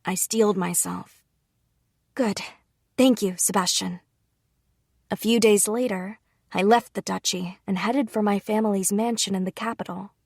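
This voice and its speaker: A woman reading a light novel aloud in first person, calm and even. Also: mid-range voice, moderate pace, creaky, no echo, studio quality. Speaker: audiobook reader.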